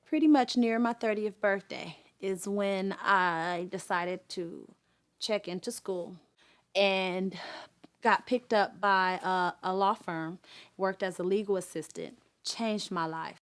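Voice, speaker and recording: A woman in her forties with a medium-pitched voice shares her personal testimony as a guest, speaking earnestly and haltingly. She pauses often with fillers and gets louder when acting out conversations she remembers.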